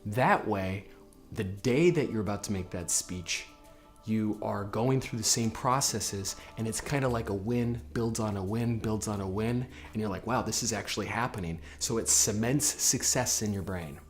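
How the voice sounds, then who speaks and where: A man giving a motivational lesson on public speaking, energetic and often repeating his words. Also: on the low side, normal speed, faint music behind. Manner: energetic, repeats words, acts out chanted affirmations. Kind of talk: motivational talk to camera.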